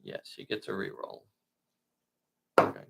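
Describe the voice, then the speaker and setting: A man whose first language is not English, narrating a tabletop miniatures game with slow, dramatic play-by-play. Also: heavy background noise.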